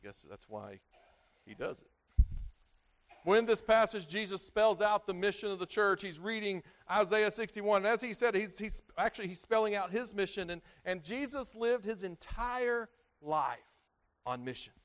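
A middle-aged man preaching a sermon as pastor, halting and repeating words, rising loud for emphasis and dropping low at phrase ends. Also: lively intonation.

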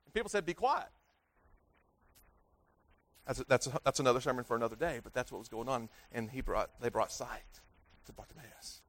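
A middle-aged man preaching a sermon as pastor, halting and repeating words, rising loud for emphasis and dropping low at phrase ends. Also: fairly even intonation.

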